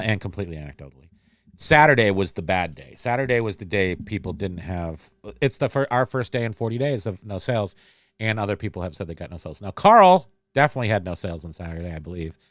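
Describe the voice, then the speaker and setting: A man's voice: sits low, dry recording. Rambling male livestream host. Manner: rambling, reads viewer comments aloud. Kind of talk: casual chat.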